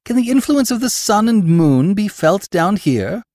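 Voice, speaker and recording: An eager young man full of wonder, his questions leaping upward with excitement, as a reader puts him on. The voice sits low but swings widely in pitch. It sounds dry and close. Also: normal speed, no echo. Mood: excited. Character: eager young male scientist's nephew, excitable.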